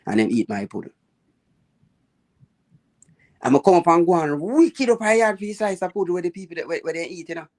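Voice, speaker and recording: A man with a Jamaican accent hosting a live chat, telling lively stories about his childhood in patois and acting out the people he quotes. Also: high-pitched, racing. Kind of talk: casual storytelling chat.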